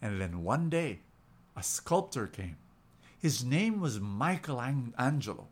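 A man hosting a Christian radio program, telling an inspirational story in an earnest, animated way, with lots of emphatic repetition. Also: mid-range voice, takes it slowly. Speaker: radio preacher, host.

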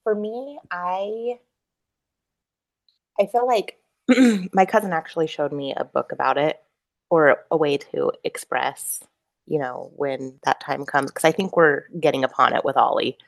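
A woman co-hosting a podcast, chatting casually at home with many fillers and a lively, talkative manner. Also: sits low, unhurried, vocal fry, no echo, studio quality. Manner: chatty, lots of fillers, laughs often. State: out of breath. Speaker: podcast co-host. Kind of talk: casual chat. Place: at home, away from a room with the kids.

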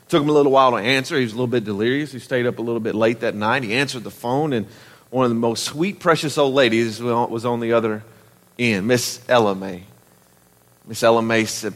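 A man's voice: medium pitch, fairly bright tone. A man preaching a folksy, joking sermon to his church. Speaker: pastor. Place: large church sanctuary. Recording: echoey church hall.

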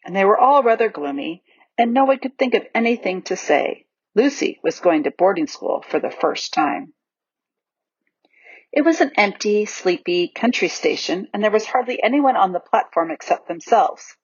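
A woman narrates a children's storybook with an expressive, varied delivery. Her voice is husky, with lively pitch. The recording is dry and dull, like lo-fi audio. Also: normal speed, no echo. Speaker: audiobook reader.

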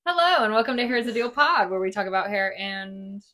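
A young woman co-hosting a podcast, chatting casually and gushing with excitement. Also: medium pitch, brisk. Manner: excitable, gushing, laughs easily. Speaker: podcast co-host. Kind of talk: casual chat.

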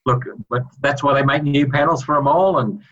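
A man's voice: medium pitch, steady tone, brisk, fairly bright tone, highs cut off. A man with an Australian accent co-hosting a podcast, easygoing and chatty. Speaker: podcast co-host. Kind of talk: casual podcast chat.

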